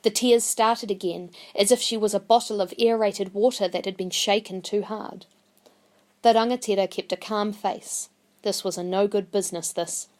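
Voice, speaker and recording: A woman's voice: fairly even intonation, moderate pace, darkish tone. A woman reading a short story aloud, voicing characters and speaking Māori phrases. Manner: voices characters with rising pitch and Māori phrases. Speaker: narrator.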